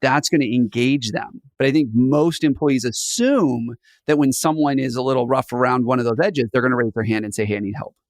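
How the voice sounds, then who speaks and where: A man talking as a podcast guest about hiring, animated and acting out little scenes. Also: medium pitch, brisk, few pauses, no echo, clean studio sound. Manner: animated, playfully acts out scenes. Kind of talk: conversational podcast interview.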